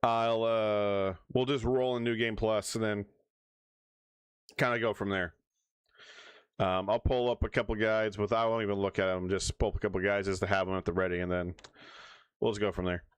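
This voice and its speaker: Low-voiced male streamer, rambling and casual. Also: flat delivery, moderate pace, long pauses, smooth, no echo. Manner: rambling, restarts often, hiccups. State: hiccups. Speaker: livestreamer.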